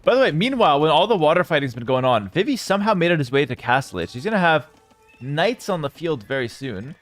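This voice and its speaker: Faint music plays behind a man who streams live commentary on a strategy match at a quick pace. He reads out chat messages, sometimes hyping loudly and sometimes calling plays in a low, calm voice.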